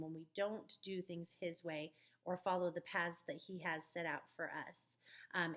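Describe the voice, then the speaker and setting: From home, with a dog nearby, a children's ministry leader records a casual video briefing on a webcam or computer mic, walking volunteer teachers through the week's lesson plan. She is friendly and relaxed, using a fairly low voice and pausing on lots of ums as she explains each step.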